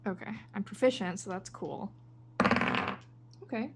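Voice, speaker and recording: A woman's voice: mid-range voice, measured pace, heavy background noise. A woman playing a tabletop game, chatting in a playful, teasing way. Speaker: player.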